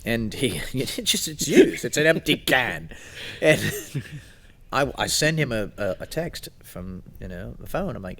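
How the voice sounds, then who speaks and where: A man's voice: medium pitch, wildly swooping pitch, a little slow, vocal fry, fairly bright tone. Chatty man, rambling storyteller. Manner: rambling storyteller, laughs often, acts out quotes. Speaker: podcast co-host. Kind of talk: casual chat.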